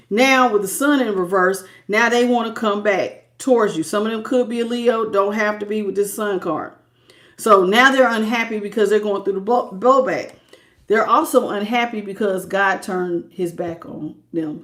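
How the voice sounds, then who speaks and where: A woman giving a live tarot reading, animated and preachy, often repeating herself and laughing between greetings. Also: medium pitch. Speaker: tarot reader.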